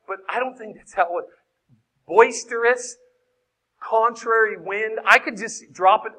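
Guy preaching a lively sermon, high voice, bright and punchy, keeps jumping into shouty acted-out bits. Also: moderate pace, rough recording. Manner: acts out scenes with shouted voices. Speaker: guest preacher. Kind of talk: animated sermon.

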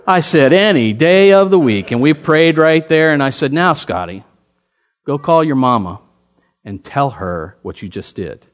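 In a large hall, a pastor with a somewhat high voice preaches at a measured pace. His sermon tells a story with quoted dialogue, and his animated delivery climbs toward emphatic calls to the congregation.

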